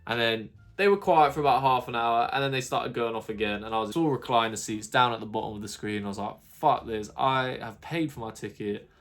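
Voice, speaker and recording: A man's voice: medium pitch, fast, hardly any pauses, fairly bright tone. A man telling an exasperated, sweary rant in a casual vlog monologue. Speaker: YouTuber.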